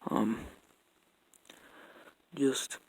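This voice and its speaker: A young man talking in a rambling personal apology monologue, halting and stumbling, with constant fillers and restarted sentences. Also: poor audio. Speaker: vlogger.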